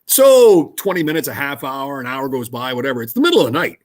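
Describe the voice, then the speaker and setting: A man, a radio host, telling an anecdote in lively conversational style with laughs along the way. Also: mid-range voice, quick pace. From Canada. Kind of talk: conversational storytelling.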